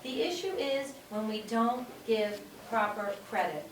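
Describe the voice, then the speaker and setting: Speaking at a measured pace, this animated teacher delivers her lecture in a fairly high voice, restating main points and often asking "okay?". The echoey classroom recording is distant, with faint noise in the background.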